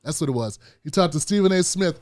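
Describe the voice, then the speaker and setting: Man, commentary show host, high-pitched, casual street talk, lively. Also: fast talker. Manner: animated, repetitive, street-casual.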